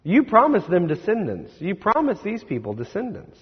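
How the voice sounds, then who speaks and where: A man's voice: sits high, wildly swooping pitch, normal speed, slightly rough, voice pushed up, full character voice. A man playing Moses, urgently pleading with God in a raised, strained voice, in an echoey hall. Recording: echoey hall, slightly dull.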